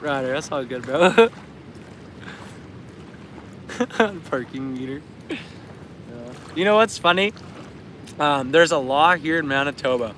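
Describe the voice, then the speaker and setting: A chatty Canadian man with a slightly high voice, laughing easily as he spins stories on a phone live stream. He talks from outdoors by the river, with a faint hiss of wind and water behind him. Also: a bit bright. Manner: chatty, laughs often, tells anecdotes. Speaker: livestream host. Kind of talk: casual live-stream chat. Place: outdoors by a river while fishing.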